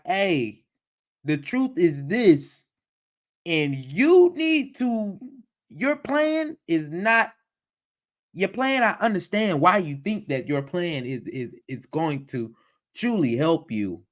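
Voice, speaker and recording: A livestream host reacts to a video with casual, exasperated commentary, repeating phrases and mocking the voices he quotes. His voice is high-pitched with a fairly bright tone.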